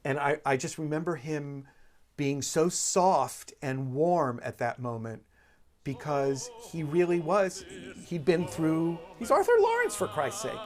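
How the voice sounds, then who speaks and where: A man's voice: on the high side, very animated, soft background music. A man from Boston, a guest in a casual conversation, telling theatre stories with frequent restarts. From Boston, USA. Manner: storytelling with halting restarts. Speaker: guest recalling theatre production.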